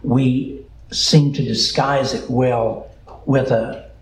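A pastor from the American South with a Southern accent, preaching a sermon in a slow, deliberate drawl that repeats its key phrases. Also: male voice, medium pitch, steady tone, echoey room, a little hiss or hum, rough recording.

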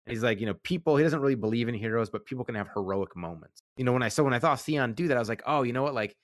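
A man's voice: mid-range voice, lively intonation, racing, no room sound, clean studio sound. A man in casual chat recapping a TV episode, rambling and enthusiastic with lots of fillers.

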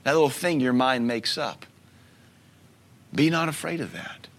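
A man in his thirties preaching a sermon as a pastor, telling stories with soft asides and sudden loud bursts. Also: medium pitch, unhurried. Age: 30s.

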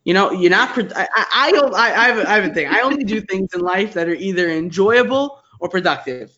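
Fast-talking young New York man. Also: high-pitched, highs cut off. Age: 20s. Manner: excitable, rambling, restarts often. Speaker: guest, digital agency founder. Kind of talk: casual interview chat.

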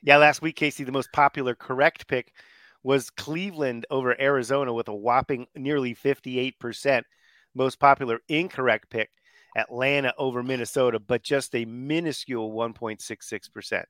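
A man's voice: medium pitch, steady tone, normal speed, a bit bright, no room sound. A man co-hosting a sports podcast, upbeat, talking through stats and picks in casual banter. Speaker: podcast co-host.

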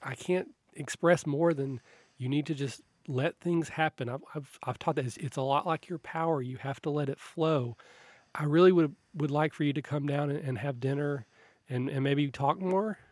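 A man putting on a soft-spoken motherly aunt. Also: a little high, moderate pace, no room sound, studio quality, close to an everyday voice. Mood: gentle, coaxing. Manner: soft, coaxing, gently insistent. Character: kind motherly woman around fifty, caretaker.

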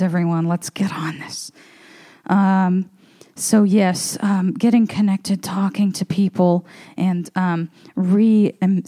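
Rambling, mellow-voiced woman talking while walking. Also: mid-range voice. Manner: rambling, loose and candid, with lots of fillers and swearing. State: out of breath. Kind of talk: casual spoken monologue. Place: her apartment, walking around.

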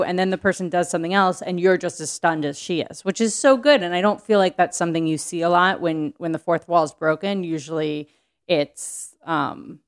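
A woman's voice: lowish voice, clear, resonant tone. A woman talking casually as a podcast guest, rambling with frequent restarts and casual swearing. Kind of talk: casual chat.

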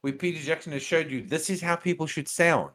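A man's voice: fairly high pitch, fairly quick, fairly bright tone. A man co-hosting a podcast in casual chat, rambling with lots of fillers and restarts, and getting opinionated and emphatic when he argues a point. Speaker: podcast co-host.

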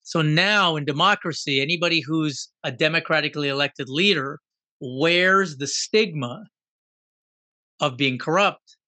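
A man telling a story in a conversation, animated and fond of rhetorical questions. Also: a little high, measured pace, dry recording. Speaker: guest.

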